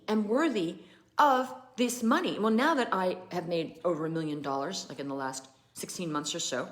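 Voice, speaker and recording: A woman business coach talking in a chatty, animated and emphatic way to viewers of a live stream. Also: lowish voice, fairly quick.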